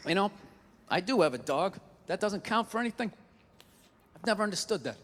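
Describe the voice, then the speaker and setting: A man's voice: high-pitched, animated, fairly quick, long reverb tail, a crowd in the background, background noise. A male stand-up comedian ranting in an exasperated, profane way during a live routine.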